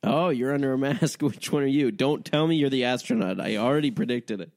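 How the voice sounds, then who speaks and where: A man's voice: medium pitch, brisk, a little mellow. A man hosting a podcast in casual comedic chat, laughing often and playing along with disbelief. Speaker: podcast host.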